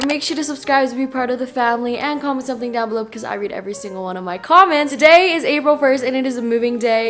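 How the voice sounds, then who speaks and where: Chatty fast-talking teenage girl vlogger. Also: high voice, a bit bright. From Canada. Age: late teens. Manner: chatty, lots of "like" fillers. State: out of breath at times. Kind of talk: casual vlog talk to camera. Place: house during a move.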